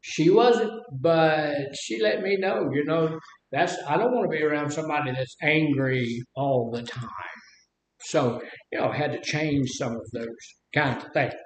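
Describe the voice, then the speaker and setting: Older man, folksy rambling storyteller, slightly high voice, roomy echo. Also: measured pace, slight background noise. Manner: folksy, rambling storyteller who acts out quotes. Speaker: speaker leading a talk on anger. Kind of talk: casual teaching talk with stories. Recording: echoey room.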